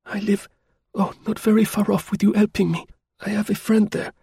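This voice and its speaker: A man voicing an injured young woman who pleads in a faint, breathy voice. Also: sits high, little pitch movement, moderate pace, dark tone, slight background noise, voice pushed up. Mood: pleading. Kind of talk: audiobook character voice.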